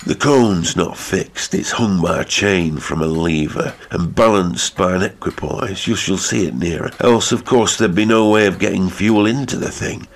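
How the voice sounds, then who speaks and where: A man playing a jealous, domineering ironworks owner who talks forcefully and abruptly, in an audiobook. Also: deep voice, normal speed, hardly any pauses. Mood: grim relish. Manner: forceful, abrupt, suddenly talkative.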